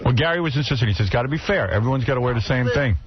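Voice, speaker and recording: A man's voice: mid-range voice, animated, very fast, a crowd in the background. A man hosting a radio show, bluntly teasing the crew and running the segment. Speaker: radio host. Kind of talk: brash radio banter. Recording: muffled radio studio recording.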